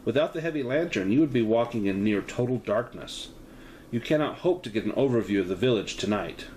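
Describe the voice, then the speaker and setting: A man's voice: fairly quick, a little hiss or hum, rough recording. A man running a solo tabletop horror game, narrating the scene in detail and offering choices to a player. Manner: descriptive, with lively pitch, offering choices. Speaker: game master.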